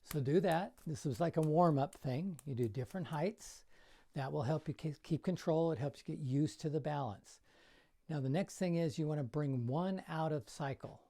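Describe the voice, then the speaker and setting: Older juggling teacher talking you through it from his bedroom, counting throws, warm low-key voice. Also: normal speed. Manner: counts throws aloud while demonstrating; plain, encouraging coaching talk. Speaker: juggling coach. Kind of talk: casual how-to tutorial.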